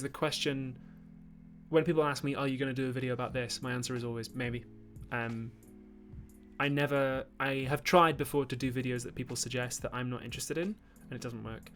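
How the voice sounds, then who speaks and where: A man from Newcastle with a Geordie accent, chatting on his livestream, reading viewer messages, rambling with fillers and the odd burst of mock outrage. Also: mid-range voice. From Newcastle, northern England. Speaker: YouTube host on a livestream. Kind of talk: casual live-stream chat reading super chats.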